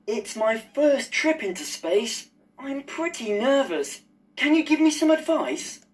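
A jittery first-time space traveler, voiced by a woman in a textbook audio sketch. She speaks in a high voice that swoops up and down. Her delivery is hesitant and questioning. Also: sing-song, measured pace. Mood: nervous. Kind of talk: scripted dialogue reading.

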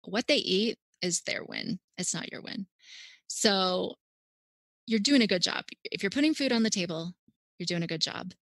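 A woman's voice: on the low side, animated, normal speed, creaky, fairly bright tone, dry recording. A woman dietitian, a podcast guest, giving upbeat parenting advice in casual chat with frequent "like".

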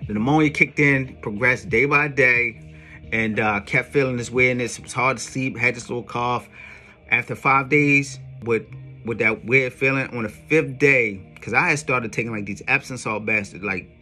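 A man telling his own story in a casual monologue, full of slang and emphatic asides. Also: mid-range voice. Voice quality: streetwise slang with frequent "yo" and profanity. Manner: animated, emphatic retelling. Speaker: songwriter vlogger.

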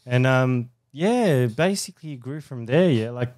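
A man hosting a podcast interview, giving short encouraging replies and rephrasing his thoughts haltingly. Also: mid-range voice, lively intonation, a little mellow. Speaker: podcast host.

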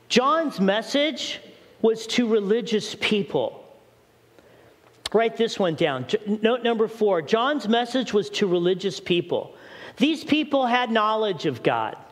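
A middle-aged man preaching a sermon as pastor, urgent and questioning the congregation directly. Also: high voice. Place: church hall. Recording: long church hall reverb.

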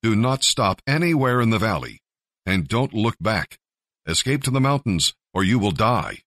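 A man's voice: on the low side, very animated, moderate pace, fairly bright tone, no room sound, studio quality. A man reading scripture aloud, lifting his voice for the quoted speakers. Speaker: Bible reader.

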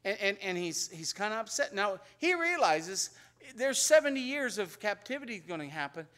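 A man's voice: high-pitched, sing-song, moderate pace, fairly bright tone. A man pastor teaching an expository sermon in a conversational way, often repeating words and acting out the prayers he quotes. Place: church sanctuary.

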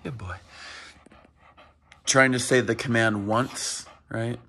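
A man with a rough, fry-edged voice talks unhurriedly at home. He coaches his pets in a soft, easygoing way and keeps tagging his points with "right?". His tone stays slightly breathy throughout. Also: medium pitch, fairly even intonation, slow pace. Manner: soft-spoken, frequently adds "right?" while coaching pets. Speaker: dog owner training his dog. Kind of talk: casual explanatory vlog.

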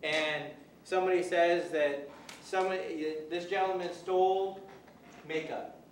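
A man's voice: high-pitched, fairly even intonation, a little slow, a little hiss or hum. Man lecturing from far in an echoey room. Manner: rambling, conversational, full of restarts and acted-out examples. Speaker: police officer teaching a workshop. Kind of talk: informal classroom lecture. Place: college classroom.

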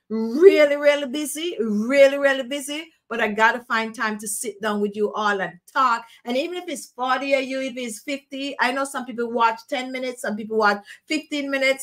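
High-voiced Jamaican woman, earnest host. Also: fairly bright tone. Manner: earnest and encouraging, repeats phrases for emphasis. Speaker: host of a skincare live show. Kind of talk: casual live-stream chat.

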